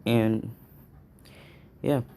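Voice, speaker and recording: A man's voice: extremely slow, dark tone. A man improvising a fan story aloud, rambling and hesitant as he thinks it up.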